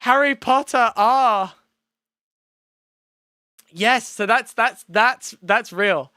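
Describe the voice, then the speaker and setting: A young man reacting to his own video on stream, excitable and swearing, talking in quick bursts. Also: very high-pitched, smooth, dry recording, clean studio sound. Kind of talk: casual reaction commentary.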